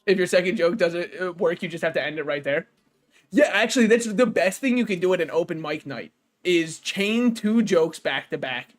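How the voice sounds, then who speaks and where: A man's voice: high-pitched, animated, moderate pace, soft background music. A young man streaming a game, joking and rambling casually and laughing at his own jokes. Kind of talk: casual gaming stream chat.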